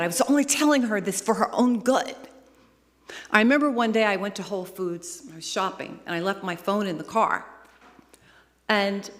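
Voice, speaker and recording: A woman preaching a heartfelt sermon, telling her story and climbing to excited high points. Her voice carries a long reverb from a large hall. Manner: emotional storytelling, rising to excited peaks. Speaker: guest speaker.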